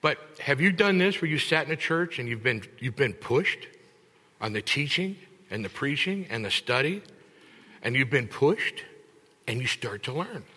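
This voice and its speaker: A man preaching a sermon in church, teaching with animated emphasis and acting out congregants in voices. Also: on the high side, in a large hall. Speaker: pastor.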